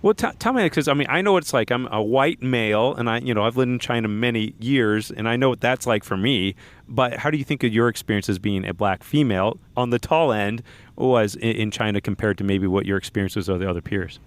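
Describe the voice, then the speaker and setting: A man hosting a podcast, chatting in a relaxed way with chuckles and fillers. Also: lowish voice, brisk, no room sound. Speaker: podcast host. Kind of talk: casual interview chat.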